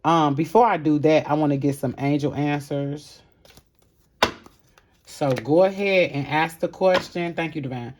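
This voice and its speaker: A woman's voice: low voice, a little slow, background noise. Heartfelt woman giving a casual tarot reading. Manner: heartfelt, spiritual, rambling with fillers; encouraging, addresses viewers directly. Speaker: tarot reader.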